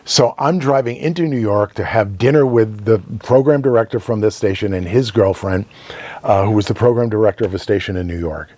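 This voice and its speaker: An older man, a longtime radio broadcaster, telling stories as an interview guest in an animated way and often checking in with "right?". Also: on the low side, a little fast, dry recording. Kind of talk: casual storytelling interview.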